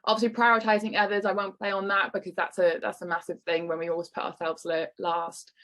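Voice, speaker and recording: A woman's voice: on the low side, flat delivery, fast, fairly bright tone. Encouraging woman on a video call. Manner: encouraging, lightly acts out quoted voices. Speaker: business workshop speaker. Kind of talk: online workshop talk.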